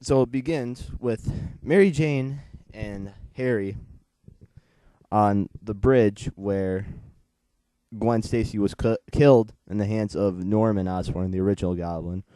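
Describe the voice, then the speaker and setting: A man's voice: on the low side, measured pace, mellow, no echo. A young man in his late teens, chatting casually as he reviews a comic book and retells its plot in a rambling, digressive way.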